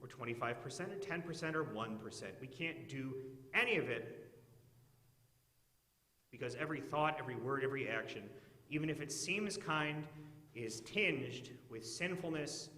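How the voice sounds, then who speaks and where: Bright-voiced pastor preaching in an echoey church. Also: male voice, medium pitch, lively intonation. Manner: earnest, measured preaching. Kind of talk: sermon.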